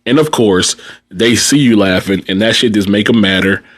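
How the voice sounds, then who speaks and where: A man's voice: fairly low pitch, moderate pace. A man, a nursing assistant telling funny work stories on a casual livestream, laughing often and talking in slang.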